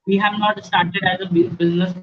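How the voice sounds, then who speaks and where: Halting Indian man on a muffled call. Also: high-pitched, flat delivery. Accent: Indian English. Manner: halting, many fillers and restarts, frequent "okay" check-ins. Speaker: guest speaker, entrepreneur. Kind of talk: webinar talk to students. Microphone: video call.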